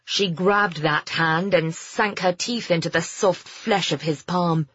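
A woman narrating a story in a slow, measured way. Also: on the low side, a bit bright, breathy edge, no echo. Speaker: audiobook narrator. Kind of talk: scripted narration. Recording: dull, muffled sound.

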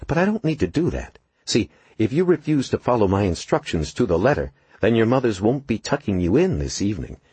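Guy doing a tough lady cop voice, firm and cool, kinda husky, pitched up a bit. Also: very animated, a little mellow, dry recording, heavily acted. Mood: stern. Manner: firm and measured, commanding. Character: tough cool-headed woman police officer. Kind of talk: audiobook narration.

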